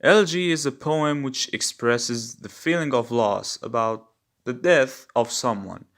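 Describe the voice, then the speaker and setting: A man teaches a poetry lesson at an unhurried pace, his voice sitting at a middle pitch. He walks through each step patiently and repeats the key terms so they stick. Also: fairly bright tone. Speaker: English literature teacher.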